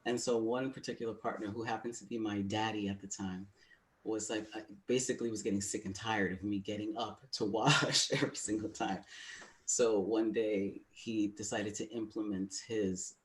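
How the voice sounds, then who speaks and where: Deep-ish guy on a webinar, just telling it straight, lots of ums. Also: fairly even intonation, moderate pace. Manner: frank, confiding, with frequent fillers. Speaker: webinar co-host. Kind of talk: candid personal storytelling.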